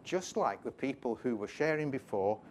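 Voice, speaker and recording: A man's voice: medium pitch, expressive, moderate pace, darkish tone, slight background noise. A man giving an informal, jokey sermon, retelling a Bible story with chatty asides. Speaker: preacher.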